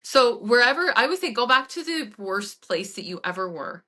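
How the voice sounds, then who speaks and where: A woman's voice: a little high, moderate pace. A woman fitness coach hosting a podcast, telling stories in casual chat with lots of "like" and acted-out quotes. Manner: animated storytelling with frequent "like" and acted-out quotes.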